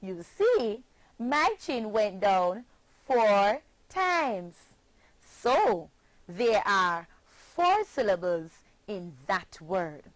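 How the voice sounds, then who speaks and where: A woman with a Jamaican accent teaching a children's phonics lesson, speaking deliberately and spelling words out letter by letter. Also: mid-range voice, big pitch swings, dry recording, poor audio.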